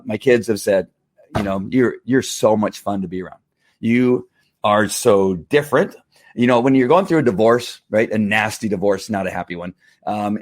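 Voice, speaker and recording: A middle-aged man talking casually to camera in a testimonial vlog, animated and full of restarts and fillers. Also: medium pitch. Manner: animated, acts out angry outbursts, many fillers and restarts. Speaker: vlogger selling wellness products.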